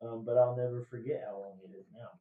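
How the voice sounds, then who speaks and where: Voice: medium pitch, fairly even intonation, fast talker. A trivia podcast host from Indiana, chatting casually and telling rambling, laughing stories. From Indiana, USA. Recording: dull, roomy, distant mic.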